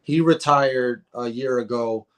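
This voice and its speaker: A middle-aged man telling a story in a casual interview, animated and acting out the dialogue, often repeating words. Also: medium pitch, unhurried. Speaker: guest comedian.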